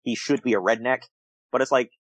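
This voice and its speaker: Poor audio with no room sound carries a brisk, mid-range male voice. He co-hosts a laid-back podcast about old wrestling shows, laughing a lot and performing quoted lines as he retells them.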